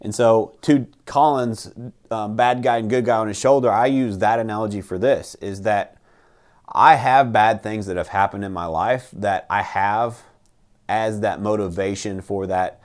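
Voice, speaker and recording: A man's voice: fairly low pitch, fairly even intonation, unhurried. A man hosting a casual motivational talk, emphatic and blunt, who swears and keeps asking "right?".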